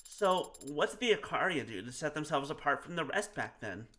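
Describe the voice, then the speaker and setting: A curious young underling, voiced by a man, asking eager questions in a bright, slightly high voice. His intonation is lively. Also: moderate pace, a little hiss or hum. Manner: inquisitive, asks eager questions.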